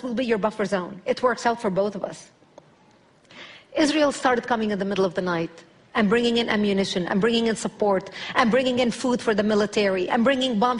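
A woman, giving a public speech as an emphatic personal testimony. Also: high voice. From Lebanon. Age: 40s. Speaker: speaker.

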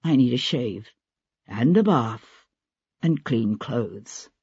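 A reader voicing a tired young gentleman who grumbles wearily, in an audiobook. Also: medium pitch, expressive, slow pace, slightly rough, no echo, voice pushed down, full character voice. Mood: weary. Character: weary, rumpled young gentleman. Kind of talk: audiobook character voice. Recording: dull lo-fi audiobook recording.

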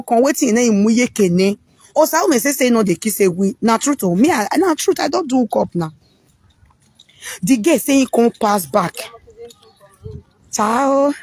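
A woman's voice: fairly high pitch, darkish tone, husky, no room sound. A woman with a Nigerian accent talking frankly in a casual monologue, rambling and repeating words mid-sentence.

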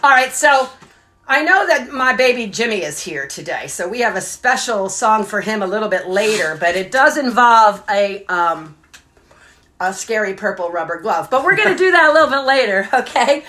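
A woman's voice: mid-range voice, expressive, moderate pace, sharp tone. A woman teaching children's songs on a live stream, cheerful and sing-song, breaking into songs and silly sounds. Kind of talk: singing songs and chants for kids on a live stream.

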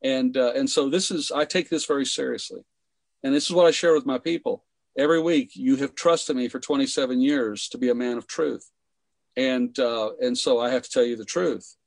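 A man, a pastor, answering in a podcast interview, speaking haltingly with many fillers. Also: medium pitch, vocal fry, dry recording.

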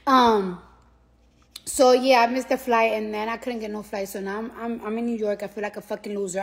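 Tired, profane woman on a live stream. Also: on the high side. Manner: profane, rambling, repeats herself. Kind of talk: casual rambling live stream.

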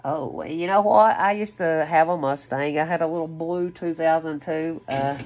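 A woman giving an excitable, rambling channeled spiritual reading, full of gasps, exclamations and casual swearing. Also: deep voice, moderate pace. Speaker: spiritual card reader. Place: her home, lives in West Virginia.

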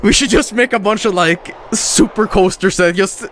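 A man streaming a game, commentating casually and excitably, swearing often and laughing a lot. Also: high voice, moderate pace, slight background noise.

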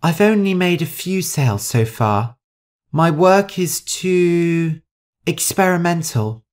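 Squeaky nervous young woman, real lively, man doing her, slow. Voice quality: high-pitched.

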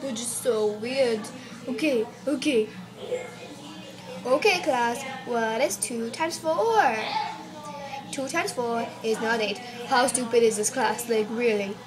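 A woman voicing a bossy, scolding female schoolteacher in a put-on British accent, loud and exasperated. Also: on the high side, takes it slowly.

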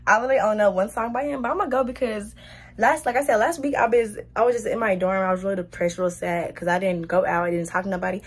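A woman's voice: mid-range voice, fast, slightly rough. A young woman vlogging casually to the camera, chatty and laughing, out of breath after a long walk. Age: young adult. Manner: chatty, laughs often, says y'all a lot. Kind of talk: casual vlog chat to camera.

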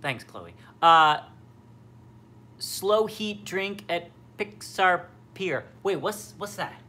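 Hosting a casual livestream near the fridge in his home kitchen, a young man reads viewer comments and rambles through answers, with many fillers and restarts. His voice sits high and is expressive, pushed and bright, while his delivery is extremely slow.

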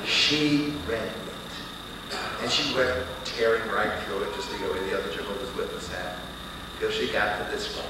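A man preaching and telling a story in a dramatic, animated way. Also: lowish voice, moderate pace. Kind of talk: sermon storytelling. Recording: echoey hall recording from far off, with hiss.

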